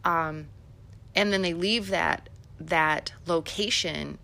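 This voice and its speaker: A woman's voice: fairly low pitch, takes it slowly, gravelly, pushed and bright. A middle-aged woman from Illinois hosting a podcast, giving chatty, sarcastic political commentary with many fillers. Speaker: podcast host.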